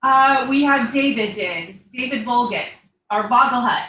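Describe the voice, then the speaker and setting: A woman co-hosting a stream, reading viewer comments aloud in a brisk, matter-of-fact way. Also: fairly high pitch, pushed and bright, a little hiss or hum. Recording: echoey room.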